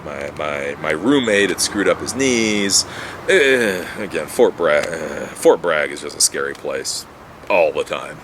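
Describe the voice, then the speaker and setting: A man's voice: deep voice, noisy background. A man telling a personal story in a casual, rambling monologue, repeating words and swearing when annoyed. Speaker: vlogger telling his life story.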